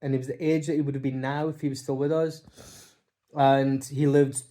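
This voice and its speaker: A man talking to camera from home in a halting, heartfelt monologue. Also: mid-range voice, level tone, warm tone. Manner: halting, heartfelt, many restarts and fillers. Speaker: vlogger. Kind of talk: casual emotional monologue. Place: home, by a window.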